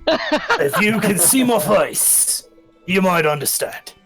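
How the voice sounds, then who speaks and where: A man voicing a cocky male traveling entertainer in a tabletop game, with a swaggering, drawn-out delivery. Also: sits high, sing-song, fairly bright tone, breathy edge, soft background music, heavily acted.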